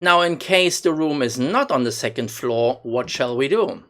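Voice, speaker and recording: A man teaching phrases in a slow, deliberate instructional voice-over, repeating lines for learners. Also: medium pitch, animated, a bit bright. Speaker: language teacher.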